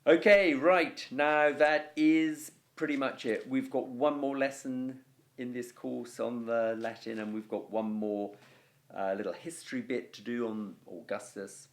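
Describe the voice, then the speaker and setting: A man's voice: medium pitch, steady tone, unhurried. A man teaching a Latin lesson in a casual, chatty way, often checking in with "okay" and "you know".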